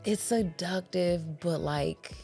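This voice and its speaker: A woman's voice: lowish voice, takes it slowly, mellow, soft background music. A woman co-hosting a casual book-club podcast, speaking frankly and swearing freely. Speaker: podcast co-host.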